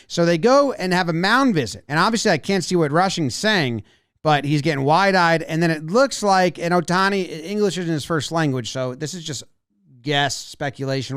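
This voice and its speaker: Brief: high, bouncy male sports analyst, dry close mic, playful. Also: fairly bright tone, clear, resonant tone, no room sound. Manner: playful, acting out the players. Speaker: baseball video analyst. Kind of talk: animated commentary over game footage.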